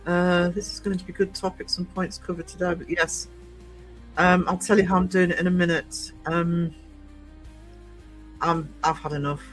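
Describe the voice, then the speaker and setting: A man's voice: sits high, level tone, moderate pace, long pauses, fairly bright tone, faint music behind, rough recording. A man hosting a casual live stream, chatting and greeting viewers by name, with a cough now and then.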